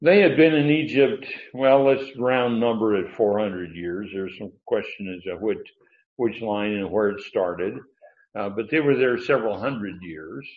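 A man preaching a sermon, teaching from his notes with emphatic pauses and frequent filler words. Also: fairly low pitch. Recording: dull, echoey room sound.

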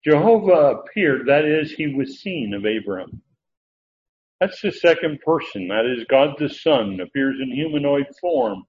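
Guy teaching scripture verse by verse, lots of uhs, mid-pitched voice, kinda muffled lo-fi tape. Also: expressive, darkish tone. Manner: halting, many filler sounds, explains word by word. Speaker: Bible teacher. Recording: dull lo-fi recording with faint background noise.

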